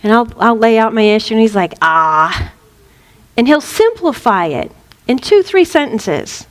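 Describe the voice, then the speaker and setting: A reverend, her voice slightly high, talks informally about the spiritual life at a moderate pace. Long reverb follows her words as she tells lively stories and acts out quotes with playful flair.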